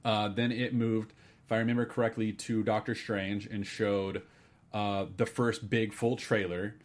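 A man hosting a casual podcast, his voice sitting a little low. He rambles through his guesses, trips over restarts and fillers, then perks up for quick animated asides. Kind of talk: casual movie news chat.

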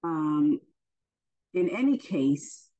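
Low, slow-talking woman teaching faith. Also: expressive, mellow. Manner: unhurried, hesitant, many fillers. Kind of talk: casual spoken religious lesson. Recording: dull lo-fi recording.

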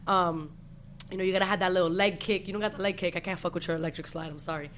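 A woman's voice: fairly low pitch, steady tone, rapid-fire, fairly bright tone, slight background noise. A young woman in her twenties, co-hosting a podcast, telling a story in casual, profane slang. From Puerto Rican family. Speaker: podcast co-host.

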